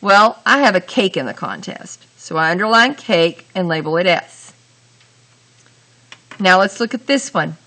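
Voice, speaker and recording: Slow, bright-voiced woman teacher. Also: lowish voice, big pitch swings. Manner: slow, deliberate, talks through each step. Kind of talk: grammar lesson.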